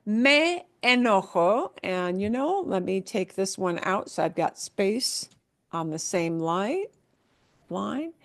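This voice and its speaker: A woman's voice: medium pitch, lively intonation, takes it slowly. A woman teaching a language class, explaining patiently with examples and frequent check-ins. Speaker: Spanish teacher. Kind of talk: class lesson.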